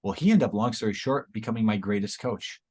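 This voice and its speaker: A man's voice: fairly low pitch, fast, a little mellow, breathy edge. A man in his forties, a teacher and author, speaking as an enthusiastic, encouraging podcast guest. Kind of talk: casual interview chat.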